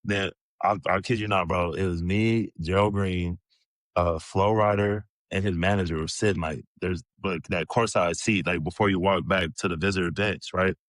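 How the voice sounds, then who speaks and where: Brief: low-pitched man in his 30s, loose swearing storyteller, dry close sound. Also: normal speed, no room sound. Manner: profane, animated storyteller, many "bro" and "like" fillers. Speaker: podcast guest, former pro basketball player. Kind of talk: casual storytelling.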